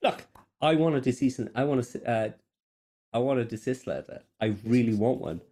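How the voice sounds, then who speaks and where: Speaking at a mid-range pitch and moderate pace, this podcast co-host tells stories in a loose conversation. He is animated, curses a lot, and pokes fun at himself, all captured on a podcast mic.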